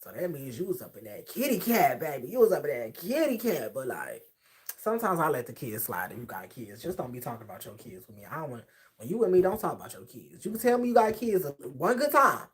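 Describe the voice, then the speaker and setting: A man chatting on his livestream, spinning a story with plenty of sass. His pitch swings up and down as he talks. He acts out other people's lines as he goes. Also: fast. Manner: sassy, animated, acts out quoted voices.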